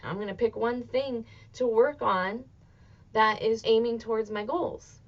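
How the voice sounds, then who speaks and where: A woman in her thirties hosting a motivational solo podcast, talking expressively and swearing freely, with bursts of excitement. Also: fairly high pitch, unhurried, highs cut off. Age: 30s. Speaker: podcast host.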